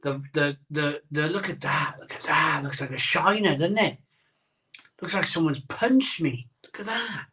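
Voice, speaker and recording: A man with a bright, fairly high voice chats through his live stream, rambling and tripping over his words as his mouth burns from a hot pepper. He sounds a little off-mic, as if sitting back from it. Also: a little slow, distant mic. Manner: rambling, self-interrupting, chatty. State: mouth burning from chili. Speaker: host of a live beer-tasting stream. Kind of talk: casual live-stream chat. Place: home room, streaming live.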